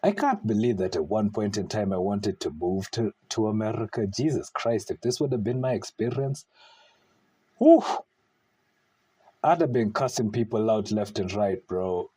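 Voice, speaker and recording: A man talks through a reaction video in a dark, mellow register. His voice has a husky edge. He sounds blunt and exasperated, and he swears freely. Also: lowish voice, lively intonation, normal speed. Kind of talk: casual reaction commentary.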